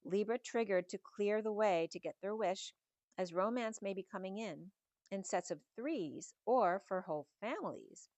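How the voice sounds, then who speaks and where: A middle-aged woman, slightly hoarse, giving a spiritual tarot reading in a musing, meandering way that strings numbers and symbols together. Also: medium pitch, expressive, moderate pace, darkish tone, dry recording, dull audio. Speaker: tarot reader.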